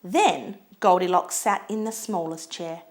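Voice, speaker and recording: A woman reading a children's storybook aloud in an expressive, lilting way. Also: on the low side, a little slow.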